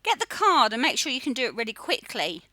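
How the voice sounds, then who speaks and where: A woman teaching a children's phonics lesson, sounding out letters in a slow, sing-song way. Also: a little high, very animated, bright, forceful tone, no room sound. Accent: Australian.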